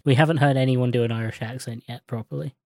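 A woman's voice: extremely low pitch, steady tone, quick pace, over a noisy crowd. A woman co-hosting a film podcast in casual chat, wry and sarcastic, repeating her punchlines. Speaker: podcast co-host.

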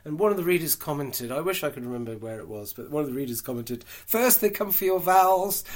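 A British man talking through a long list of companies in a casual solo podcast. He is frank and chatty, drops dry asides, and pauses on fillers. His voice sits at a middling pitch. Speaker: podcast host. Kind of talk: casual solo market commentary.

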